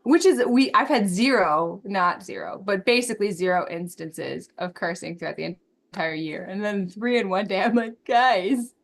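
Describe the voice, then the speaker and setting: Animated young woman preschool teacher. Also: mid-range voice, normal speed, vocal fry, a little hiss or hum. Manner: animated storyteller, laughs often. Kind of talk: casual video-call chat.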